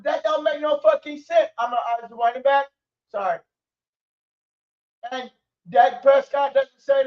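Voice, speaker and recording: A man's voice: very high voice, recorded from a distance, lo-fi sound. A man ranting angrily and profanely about his football team on a stream. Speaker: sports commentary streamer. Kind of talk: angry sports rant.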